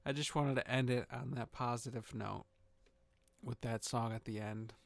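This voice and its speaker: A man reviewing his own songs in casual spoken commentary, talking in a halting, reflective way with frequent nervous laughs and the odd casual swear. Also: medium pitch, fairly even intonation, creaky, no echo.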